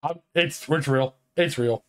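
A man co-hosting a casual online chat, ranting excitedly with many restarts and quick turns. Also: medium pitch, a crowd in the background. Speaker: podcast co-host.

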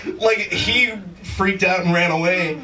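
A man's voice: sits high, measured pace, recorded from a distance, over a noisy crowd, low-quality recording. A man doing a stand-up comedy set on a club stage, rambling with lots of fillers and laughing at his own jokes. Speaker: stand-up comic.

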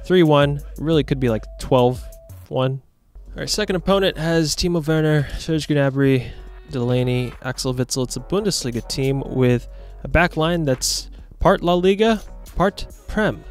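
Excitable young man commentating his game. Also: fairly high pitch, measured pace, faint music behind. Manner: excitable, reacts loudly to plays. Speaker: gaming YouTuber. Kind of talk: casual gameplay commentary.

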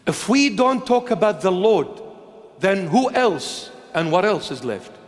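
A bishop delivers a fiery sermon with a notably high-pitched voice. He hammers points home with mocking rhetorical questions. His voice rings out with a long reverb from a large church hall. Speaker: bishop preaching.

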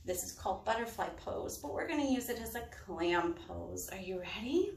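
A woman librarian leading children through storytime yoga, talking in a slow, encouraging, coaxing way. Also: mid-range voice, lively intonation, gravelly. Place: on a balcony. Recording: roomy, distant mic.

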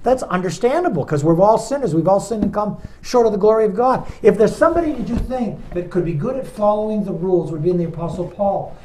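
A man, a pastor, leading a Bible study in a loose, animated teaching style and asking a helper to read verses aloud. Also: sits high, fast, hardly any pauses, a little hiss or hum, low-quality recording. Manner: animated, talks straight to listeners and asks a helper to read verses.

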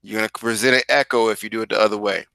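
A man's voice: on the low side, fairly even intonation, rapid-fire, creaky, pushed and bright, clear, resonant tone. A male teacher guiding students through an online class on a video call, talking casually but directly and firmly.

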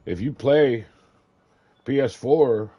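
A man's voice: medium pitch, slow pace, slightly rough, highs cut off. A middle-aged man chatting casually on a gaming stream, cursing freely, joking and laughing often.

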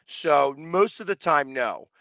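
A man who makes sports-fan videos, talking in a casual interview with a loud, passionate manner and a slightly raspy, deepened voice. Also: expressive, no room sound. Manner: loud, passionate, quick restarts.

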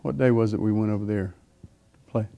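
A man's voice: on the low side, fairly even intonation, a little fast, gravelly, dark tone. A middle-aged man preaching, telling a personal story in a rambling way with many fillers and restarts. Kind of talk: sermon testimony.

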